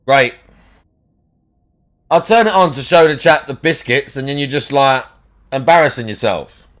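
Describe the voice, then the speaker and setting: A man's voice: mid-range voice, normal speed, a bit bright. A man chatting casually on a live stream, crude and sweary, teasing his cat and ranting between plays.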